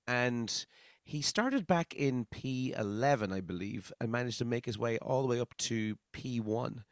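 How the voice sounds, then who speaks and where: A man's voice: mid-range voice, no room sound, clean studio sound. A man hosting a casual sports discussion, steering the talk in a chatty, amused way. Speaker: podcast host.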